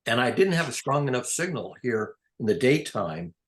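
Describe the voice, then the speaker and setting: An older man chatting casually, wandering from one tangent to the next and chuckling as he goes. His voice sits at an ordinary middle pitch. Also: very animated, moderate pace. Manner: rambling, digressive, chuckles often. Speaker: conversation partner. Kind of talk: casual chat.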